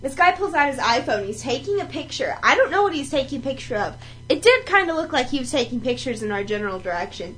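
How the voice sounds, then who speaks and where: Giggly high-voiced young woman. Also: fast talker, slight background noise, low-quality recording. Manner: giggly, animated storytelling. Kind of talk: casual chat.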